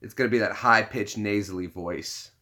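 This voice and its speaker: A man's voice: fairly low pitch, normal speed, bright, forceful tone. A man chatting casually to viewers on a live stream, rambling through filler-heavy restarts and joking at his own expense with frequent laughs. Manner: joking, self-deprecating, laughs often.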